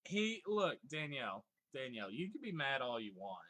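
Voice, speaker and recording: Bright-voiced man streaming a game. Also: mid-range voice, big pitch swings, brisk. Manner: swears freely, laughs often, joking exasperation. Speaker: live streamer. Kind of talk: casual gameplay commentary, reading chat aloud.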